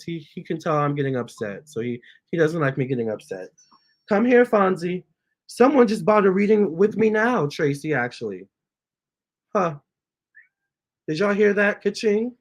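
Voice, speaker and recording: A man hosting a casual storytime, reading out viewer comments, chatty and animated, often stopping to talk to his cats. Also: high-pitched. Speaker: tarot reader and channel host.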